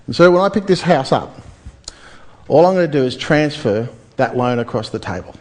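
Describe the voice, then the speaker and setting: A man delivers a seminar pitch with lots of energy. His voice sits high for a man, and he keeps throwing questions at the crowd. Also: fairly quick. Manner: animated, addresses the crowd with rhetorical questions. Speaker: seminar speaker. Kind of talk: property seminar pitch to a live audience.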